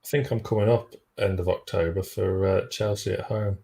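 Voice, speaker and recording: A tired man hosting a live football fan stream, his low voice full of gravelly fry. He keeps the chat moving with a dry, sardonic edge. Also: fairly even intonation, normal speed, dark tone. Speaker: fan channel host.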